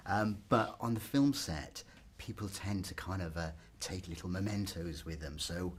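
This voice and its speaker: A man's voice: low voice, normal speed, slight background noise. A man interviewing young film actors in a chatty, friendly way, with filler hesitations. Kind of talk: casual interview.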